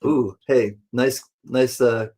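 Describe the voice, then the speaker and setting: A livestream host with a medium-pitched, slightly mellow voice speaks slowly and in a steady tone. He's relaxed and playful with his viewers, greeting them by name and frequently laughing.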